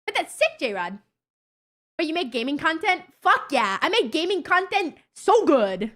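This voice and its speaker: A young woman streamer chatting casually with her viewers, blunt, excitable and swearing constantly. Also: very high voice, unhurried. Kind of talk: casual livestream chat with viewers.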